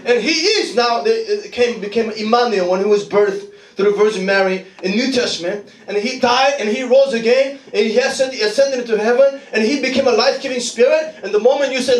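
A man preaching a sermon to a congregation, excited and often laughing, repeating his words and leading call-and-response. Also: very high voice, fairly quick. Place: church hall with congregation. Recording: roomy hall, from a distance.

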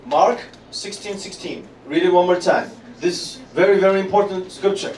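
A man's voice: high-pitched, normal speed, a little hiss or hum. Man preaching in an echoey church hall. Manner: call-and-response preaching, rising to loud declarations. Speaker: pastor. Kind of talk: sermon. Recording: echoey hall, miked from a distance, congregation audible.

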